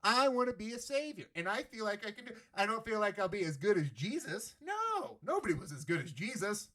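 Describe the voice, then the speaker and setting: This is a man hosting his own daily show, delivering a sarcastic political rant full of swearing. His voice is bright and a little high, and it jumps up and down in pitch as he mocks and exaggerates. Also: animated, fast talker. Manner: sardonic, profane, mock voices. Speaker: podcast host. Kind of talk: sarcastic political commentary monologue.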